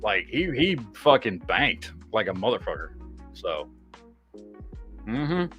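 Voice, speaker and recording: A man's voice: on the low side, slow, faint music behind. A man hosting a podcast, rambling in casual chat, swearing heavily and reacting to viewer comments. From Michigan, USA. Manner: heavy swearing, rambling, animated. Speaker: podcast host.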